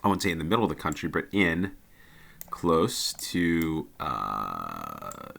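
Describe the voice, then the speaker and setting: A man's voice: a bass voice, sing-song, takes it slowly, creaky, fairly bright tone. A man giving casual commentary on a geography game, thinking aloud and hesitating with many ums.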